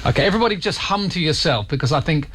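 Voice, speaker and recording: A man's voice: a little high, lively intonation, rapid-fire, fairly bright tone, a little hiss or hum. A male radio host chatting casually on air, self-mocking and jokey, in a studio. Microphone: studio microphone.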